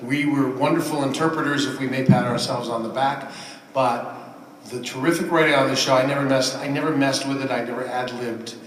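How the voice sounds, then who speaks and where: A man on a convention panel answering a question in a measured, earnest way. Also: medium pitch, fairly even intonation. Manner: measured, earnest, lets his sentences trail off softly. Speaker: voice actor panelist. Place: large convention hall. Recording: echoey hall, miked from far off.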